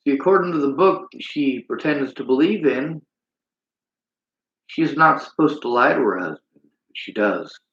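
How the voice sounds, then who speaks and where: A man's voice: medium pitch, expressive, moderate pace, fairly bright tone. Man, livestream host, bitter preachy rant, reads chat, roomy echo, muffled lo-fi audio. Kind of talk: livestream monologue reading chat comments. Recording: roomy, dull lo-fi sound.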